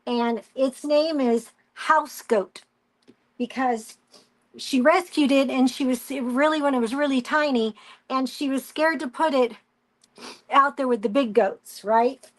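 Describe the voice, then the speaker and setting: Woman with a high voice rambling slow on a craft live stream, chatty storyteller. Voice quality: chatty storyteller, animated retelling with quoted voices. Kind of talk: casual chat while crafting.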